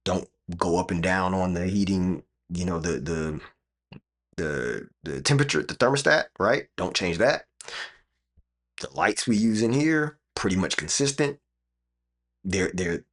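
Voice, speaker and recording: A man streaming live from a room with his computers, talking straight to viewers in an emphatic, repetitive way. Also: sits low. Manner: emphatic, repeats phrases, talks straight to chat.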